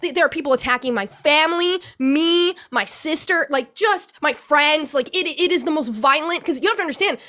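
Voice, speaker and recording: A young woman recounting a painful personal ordeal as an interview guest, emotional and halting, with many restarts and some swearing. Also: high-pitched, pushed and bright. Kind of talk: personal account in a podcast interview.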